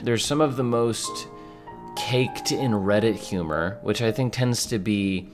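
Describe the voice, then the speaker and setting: A young man in his twenties rambles through casual commentary, swearing freely and tripping over his own restarts. His voice sits a bit low for a man. Clear music plays underneath him. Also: slow pace. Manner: rambling, profane, self-deprecating, many restarts. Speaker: video essayist.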